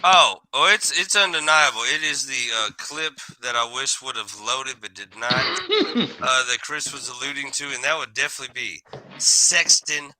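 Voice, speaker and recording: Bright, wisecracking male co-host. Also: mid-range voice, sing-song, low-quality recording. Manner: wisecracking, quick teasing remarks. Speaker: podcast co-host. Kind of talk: casual wrestling chat.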